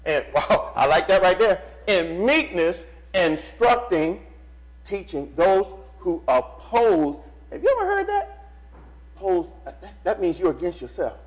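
A male preacher delivers a lively sermon in a high, sweeping voice. He calls out to his congregation and repeats phrases for emphasis. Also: a little slow, poor audio. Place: church.

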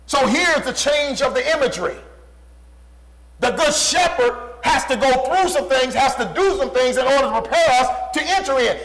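A pastor preaching a sermon with an emphatic, repetitive cadence, often dropping low and quiet for stress. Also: male voice, animated, moderate pace, low-quality recording.

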